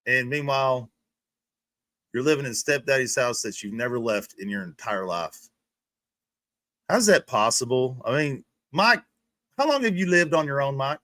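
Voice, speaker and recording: A man's voice: mid-range voice, lively intonation, normal speed, pauses often, sharp tone, dry recording. A man streaming, ranting and mocking someone with profanity and frequent laughter, from a recliner indoors. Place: indoors, sitting in a rolling recliner.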